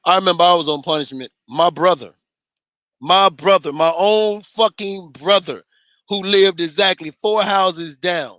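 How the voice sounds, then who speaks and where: High, bright-voiced man laughing on a podcast. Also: unhurried, no echo. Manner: laughing, profane, acts out quotes. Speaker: podcast co-host. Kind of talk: casual boxing podcast banter.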